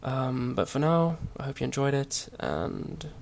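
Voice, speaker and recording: Gravelly-voiced man giving a casual lesson. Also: mid-range voice, measured pace, a little hiss or hum. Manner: relaxed, hesitant, many fillers and restarts. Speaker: language teacher. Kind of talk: casual slide-based language lesson.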